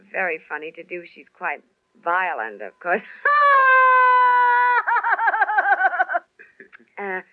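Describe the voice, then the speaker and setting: A woman entertainer chatting in a radio interview, rambling, laughing and using lots of fillers. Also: fairly low pitch. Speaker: entertainer guest. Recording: tinny old radio broadcast.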